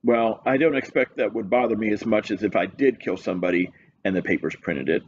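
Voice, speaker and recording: A man's voice: lowish voice, fairly quick, breathy edge, lo-fi sound. A man reading, voicing a chubby, indifferent male police sergeant who talks in a folksy, ungrammatical way. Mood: offhand.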